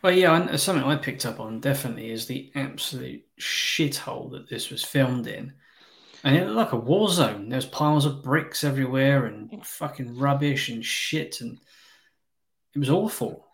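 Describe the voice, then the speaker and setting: A man's voice: medium pitch, moderate pace, gravelly, fairly bright tone. A British man in casual film chat, blunt and swearing freely.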